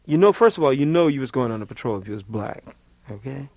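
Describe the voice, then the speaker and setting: A man's voice: medium pitch, expressive, fast, a little mellow, no echo. A man from Louisiana, a Vietnam veteran, telling his story in a rambling, vivid way that is full of "like" and "you know". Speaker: Vietnam veteran, former Marine. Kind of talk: casual storytelling interview.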